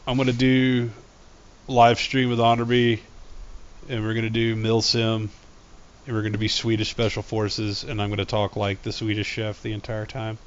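A man's voice: on the low side, highs cut off. A man chatting casually and goofily on a live game stream. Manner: goofy, rambling, playful voices.

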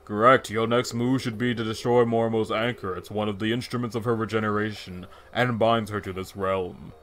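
A man voicing a serious old male sword keeper in a game playthrough, speaking in a formal, measured way. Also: lowish voice, fairly even intonation, fairly bright tone, voice pushed down, lightly acted. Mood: grave. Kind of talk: video game voice acting.

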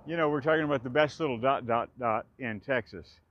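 A man's voice: mid-range voice, a little fast, no room sound, dull audio. A man in his sixties chattily recalling his old theater days outdoors in a park, rambling, restarting sentences and laughing often. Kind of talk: casual spoken reminiscence.

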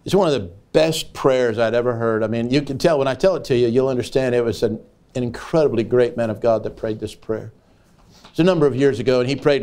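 An older man preaching a sermon as an evangelist. He moves from folksy storytelling to rising, loud preaching cries. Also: mid-range voice, fast.

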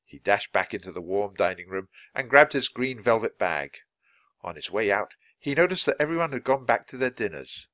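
A man reading a children's storybook aloud for English learners, narrating clearly and expressively. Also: lowish voice, very animated, moderate pace, fairly bright tone, no echo. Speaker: storybook reader.

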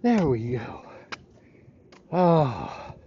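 A man's voice: medium pitch, huge pitch swings, highs cut off, very noisy. An older man hosting a casual livestream while walking in a city park, rambling and out of breath. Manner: rambling, chatty, pauses often. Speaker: show host. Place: outdoors in a big city park.

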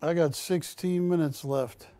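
This is a live TV sales pitch from an older male host of a shopping channel, who chats, jokes and pushes deals like a pushy salesman. His voice is mellow and a little high, steady in tone and unhurried. Recorded on a lapel mic in a TV studio, it has no echo.

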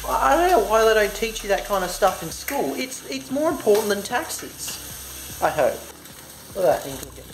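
A man's voice: high voice, big pitch swings, moderate pace, noisy background. A young man from Australia vlogging in a put-on American accent, rambling and joking at his own expense while cooking. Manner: rambling, jokey, self-mocking. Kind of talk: casual cooking vlog. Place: home kitchen. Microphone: handheld phone camera. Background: faint music and sizzling bacon.

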